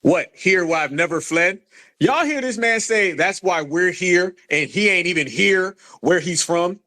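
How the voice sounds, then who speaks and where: High-voiced man taunting a caller. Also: animated, measured pace. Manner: mocking, taunting, loud insults. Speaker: livestream host. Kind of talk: heated call-in stream.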